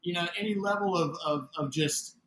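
A man telling a story in a casual interview, animated and acting out the voices of the people in it. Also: high-pitched, moderate pace, reverberant, a little hiss or hum, poor audio. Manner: animated, acts out quoted dialogue. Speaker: interview guest, building owner.

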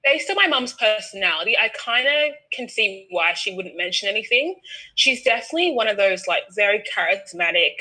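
An Australian woman in her twenties or thirties tells a story in a relaxed podcast chat. Her voice is bright and clear, and she acts out other people's lines with plenty of laughter. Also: mid-range voice, fairly quick, low-quality recording.

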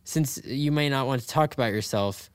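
A man co-hosting a podcast in casual chat, rambling and animated, laughing often. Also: mid-range voice, normal speed, clean tone, no echo, clean studio sound. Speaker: podcast co-host.

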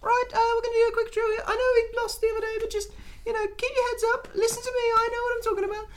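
A man putting on a squeaky, high-pitched voice as a male football manager giving a team talk, comically lacking authority. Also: level tone, very fast. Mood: mock-earnest. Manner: comically feeble, unconvincing authority.

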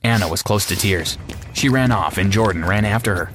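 A man's voice: lowish voice, fairly quick, fairly bright tone, slight background noise. A man narrating a first-person story in an earnest, plain manner.

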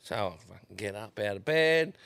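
A man, a guest on a chat podcast, telling sweary, animated stories. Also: fairly low pitch, normal speed, vocal fry, clean tone, dry recording. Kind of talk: casual chat.

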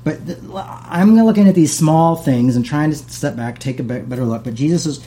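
A man's voice: on the high side, a little fast, mellow. A middle-aged man hosting a casual talk, reading passages aloud and paraphrasing them with many asides.

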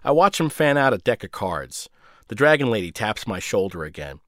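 Sardonic, deep-voiced man reading a story. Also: sing-song, normal speed, a bit bright, no echo, studio quality. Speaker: radio host. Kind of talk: reading his own short story.

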